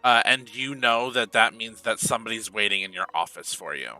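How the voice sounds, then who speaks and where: A man narrating as game master of a tabletop game, slow, with many fillers. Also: lowish voice, animated, pushed and bright, faint music behind.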